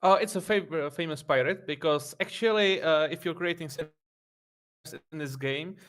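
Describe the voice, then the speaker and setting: A man's voice: fairly high pitch, moderate pace, fairly bright tone. A man, a developer guest on a game livestream, explaining patiently in a casual manner.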